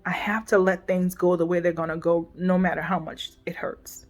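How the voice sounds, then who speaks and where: A woman in her forties talking through a painful family rift in a personal vlog, emotional and halting, often restarting and trailing off softly. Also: fairly low pitch, level tone.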